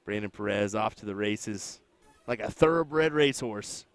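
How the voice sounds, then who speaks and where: A man commenting on a darts match on a live stream, with relaxed, joking banter. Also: fairly low pitch, moderate pace. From United States.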